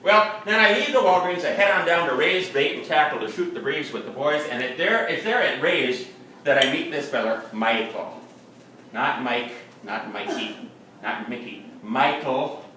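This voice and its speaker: A man performs a comic character monologue as a bragging, folksy fisherman with a Wisconsin accent, telling a tall tale in ungrammatical backwoods speech. He sounds medium-pitched, bright, animated, and forceful at normal speed, recorded with a far-off mic in the echoey upstairs room of a bar during a live reading, with a little hiss or hum.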